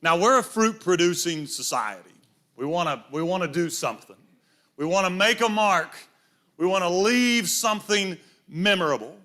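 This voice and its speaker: A man's voice: high voice, animated, moderate pace, sharp tone. A middle-aged man preaching a sermon in a church, telling stories and acting out voices in quotes. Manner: storytelling, acts out voices in quotes.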